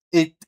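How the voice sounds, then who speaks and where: A British man chatting casually on a live stream, rambling, answering chat and swearing offhand with lots of ums and uhs. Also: a little mellow. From Britain.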